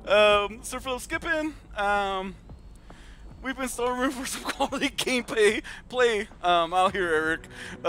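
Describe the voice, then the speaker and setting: Giggly high-voiced streamer guy. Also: fairly bright tone. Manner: giggly and chatty, laughs often, calls viewers dude. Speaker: game streamer. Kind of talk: casual live-stream chat, reading viewer comments aloud.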